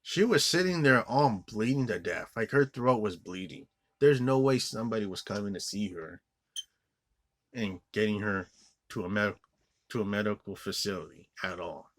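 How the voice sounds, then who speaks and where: A man's voice: lowish voice, animated, moderate pace, fairly bright tone. A man giving an angry, profane movie review rant, rambling with many restarts and fillers. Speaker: film reviewer.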